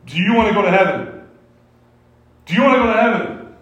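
A preacher mimicking a pushy evangelism director who drives hard at a stranger. The voice is loud and insistent and jumps high with excitement, in a roomy space with echo. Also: male voice, a little fast, lo-fi sound. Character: pushy male evangelism director pressing a waiter.

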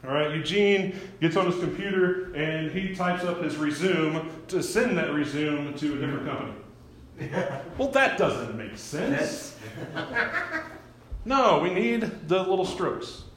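Pastor, male, slightly high voice, chatty sermon delivery with frequent restarts, echoey church room. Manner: conversational, often restarts words, quizzes the congregation. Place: church sanctuary.

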